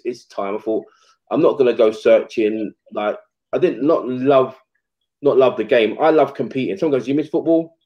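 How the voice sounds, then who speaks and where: Man in his 40s, slangy animated storytelling, mid-pitched voice, slightly muffled podcast sound. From England. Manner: animated, slangy, acts out quotes. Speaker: retired footballer guest. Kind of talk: casual storytelling interview.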